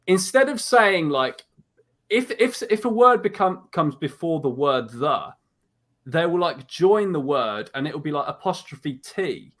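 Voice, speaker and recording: A man with an English accent, a guest in a casual conversation, explaining things in a measured way and often restarting his sentences. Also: a little high, expressive, fairly bright tone.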